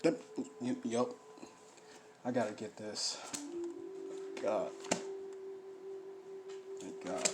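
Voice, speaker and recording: A man giving an informal scripture teaching, repeating phrases for emphasis and swinging between loud preaching and low, muttered reading. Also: very slow, long pauses, noisy background. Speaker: bible teacher.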